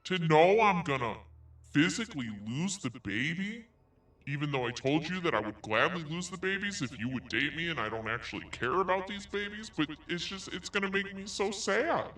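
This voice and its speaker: A man's voice: on the high side, sing-song, moderate pace, a bit bright. A man reading as a whiny self-pitying woman. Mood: whiny, dramatic. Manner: dramatic, whiny, self-absorbed. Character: self-pitying woman writing anguished texts. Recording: echoey, distant, with faint music.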